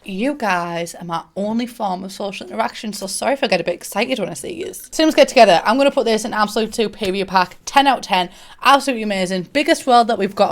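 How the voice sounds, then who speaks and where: A young woman from England with a Middlesbrough accent, chatting casually to camera about games in a bubbly, giddy and sarcastic way. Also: medium pitch. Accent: Middlesbrough English. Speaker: gaming YouTuber.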